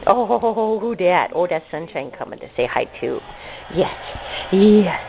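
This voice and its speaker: A woman cooing to her dog at home in playful baby-talk, her voice swooping up and down with sing-song, giggly delight. She speaks slowly and stays fairly high. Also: lively intonation, gravelly, darkish tone, low-quality recording. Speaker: dog owner showing a dog for adoption. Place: home living room, indoors.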